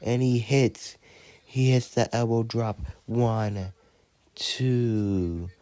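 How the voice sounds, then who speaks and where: A man who is sick and speaking low, giving play-by-play wrestling commentary and counting out the pins. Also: extremely slow, mellow. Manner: counts pins aloud and announces winners.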